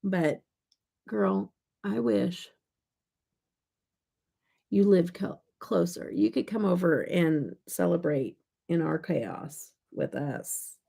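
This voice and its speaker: A woman's voice: fairly low pitch, slow, vocal fry, long pauses, mellow, slightly rough. An older woman chatting casually on her makeup vlog, telling family stories and reading chat comments aloud. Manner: chatty, storytelling, reads live chat aloud. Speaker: makeup vlogger.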